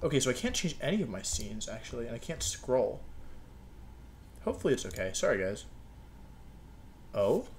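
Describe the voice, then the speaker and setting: A man's voice: medium pitch, big pitch swings, moderate pace, long pauses, a little mellow, slight background noise. A young man chatting casually to his viewers while recording a game video at his desk at home, rambling and joking at himself. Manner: rambling, self-mocking, talks to himself. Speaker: gaming video creator.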